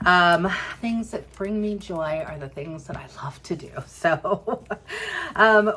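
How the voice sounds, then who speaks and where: A woman chats through a home-fragrance review in a bubbly, playful way, joking with her viewers and filling pauses with little asides. Her voice sits in an ordinary middle register for a woman. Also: medium pitch, fairly bright tone. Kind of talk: casual chatty product review.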